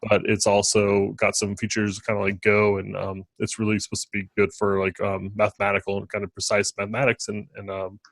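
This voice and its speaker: A man with a fairly low voice co-hosts a relaxed tech podcast, wandering through his points with plenty of ums and uhs. The sound is dry and close, with no room around it. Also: brisk, creaky, few pauses, no room sound. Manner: rambling, many fillers. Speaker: podcast co-host. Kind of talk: casual tech chat.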